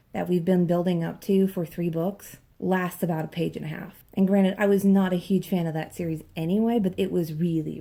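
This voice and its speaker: A woman's voice: on the low side, vocal fry, warm tone. A woman doing a casual book wrap-up vlog, chatty and candid. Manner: chatty, candid, occasional swearing. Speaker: book vlogger.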